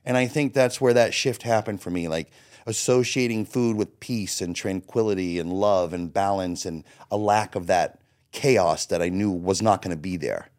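A man's voice: low-pitched, a little fast, darkish tone. A man in his forties telling his own story as a podcast guest, blunt and profane, acting out his past thoughts as quotes. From Florida. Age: 40s. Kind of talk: candid personal storytelling.

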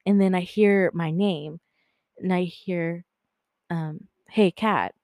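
Brief: woman, lower voice, dry close sound, chatty storyteller who swears and quotes people. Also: fairly even intonation, slow, dark tone, no echo. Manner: chatty, filler-heavy, swears freely; acts out dialogue in quotes. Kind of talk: casual storytelling.

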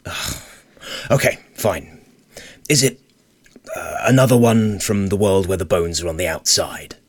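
Brief: a man as a dry, skeptical coworker in an audio drama, very deep, husky voice. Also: lively intonation, measured pace. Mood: wry. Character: weary, skeptical male library colleague.

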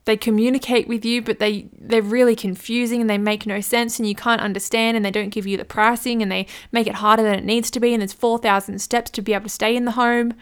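A woman's voice: a little high, little pitch movement, quick pace, hardly any pauses, clear, resonant tone. Chatty woman coaching. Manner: chatty, playful, acts out little scenes. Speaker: podcast host, business coach. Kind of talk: solo podcast advice talk.

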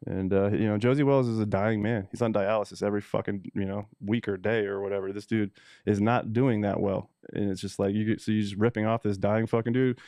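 A man's voice: lowish voice, fairly even intonation, brisk, dark tone, clean tone, dry recording, studio quality. A man telling a heated, profanity-filled story in a casual monologue, ranting and reading messages aloud. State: emotional, teary at times. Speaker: cannabis seed breeder telling a story.

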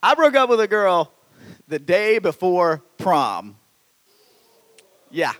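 A man preaching a sermon in an animated way, swinging from loud exclamations to hushed asides, with stammered restarts. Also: high voice, slow, big-room sound. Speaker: pastor.

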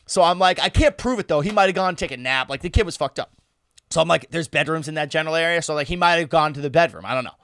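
A man's voice: a little high, very fast, a bit bright, clear, resonant tone, no echo, studio quality. A man telling a wild party story in casual chat, laughing and swearing freely.

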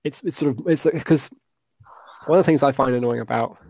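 Fast-talking gravelly man chatting. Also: medium pitch, a little mellow, no echo. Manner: rambling, with many restarts and fillers. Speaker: podcast co-host. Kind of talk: casual podcast chat.

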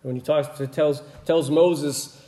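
A man with a mellow, slightly higher voice teaches scripture in an easygoing, conversational way. He keeps checking in with his listeners as he explains. The room around him is roomy and echoey. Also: a little slow. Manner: relaxed, explanatory, often checks in with "right?". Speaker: Bible teacher.

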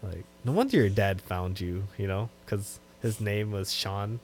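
A man co-hosting a podcast in casual chat, relaxed and laughing easily. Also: lowish voice, unhurried, a little hiss or hum. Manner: relaxed, trailing off, laughs often. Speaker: podcast co-host.

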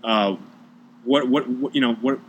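A man hosting a casual interview, speaking haltingly and often repeating words as he puts his thoughts together. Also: medium pitch, slight background noise. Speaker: podcast host.

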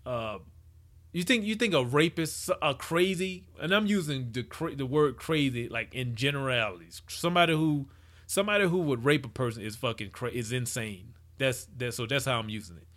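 A man's voice: medium pitch, expressive, normal speed, a bit bright. A man giving rambling, casual commentary as he reacts to a photo project, with many restarts and hypotheticals. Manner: acts out quoted people in his voice.

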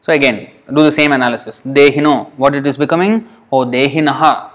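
A man teaching a Sanskrit class, patiently spelling out words and repeating them slowly as he explains sandhi rules. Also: mid-range voice.

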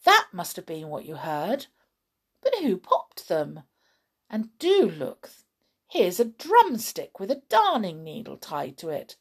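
A woman's voice: lowish voice, huge pitch swings, slow pace, breathy edge, exaggerated voice. A woman voicing a flustered mother fretting over a flooded house in a storybook reading. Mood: puzzled. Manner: fretful, exclaiming.

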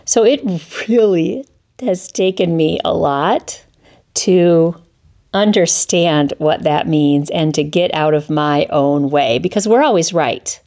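A middle-aged woman hosting a solo podcast, candid and profane, with her voice jumping up high when she rants in exasperation. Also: slow, a little mellow. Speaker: podcast host.

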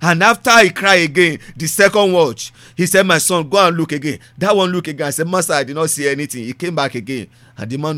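Preaching a sermon in a high, bright voice, a man talks fast with few pauses, his English bending grammar loosely. He hammers points home through repeated phrases and rising emphasis. The recording is dry and close.

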